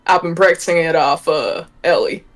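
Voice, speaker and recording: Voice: medium pitch, moderate pace, very noisy, pitched below the performer's own voice, natural voice. A player voicing a young male rogue who fakes a drawling cowboy accent, cocky and teasing.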